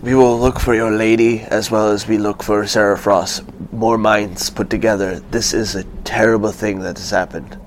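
A man's voice: fairly low pitch, little pitch movement, moderate pace, few pauses, a little hiss or hum. A man player speaking earnestly in character in a tabletop game. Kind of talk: tabletop role-play.

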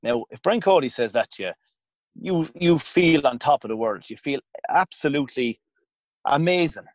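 A man's voice: medium pitch, lively intonation, normal speed, dry recording. A man with an Irish accent, a former goalkeeper, telling long anecdotes in a casual interview with many restarts. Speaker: former hurling goalkeeper guest.

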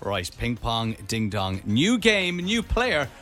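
An Irish man hosting a radio show, running the segments in brisk, upbeat presenter patter. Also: mid-range voice, huge pitch swings, a bit bright, faint music behind.

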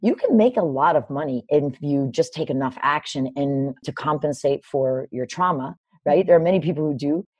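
A woman in her fifties, a personal development teacher, telling a story in conversation with animated, emphatic delivery. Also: low voice, normal speed, few pauses, slightly rough, no echo. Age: 50s. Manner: animated, emphatic retelling with raised quoted lines.

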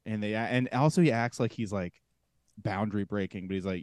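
A man's voice: fairly low pitch, a little fast, darkish tone, no room sound, clean studio sound. A young man co-hosting a podcast, talking casually and scornfully with plenty of filler words. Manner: opinionated, scornful, many "like" fillers. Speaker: podcast co-host.

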